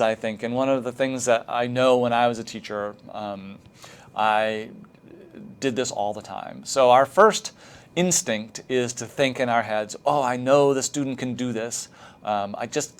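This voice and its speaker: A middle-aged man giving a recorded training lecture for teachers, talking in a relaxed, explanatory way with frequent fillers. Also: medium pitch, normal speed, clean tone.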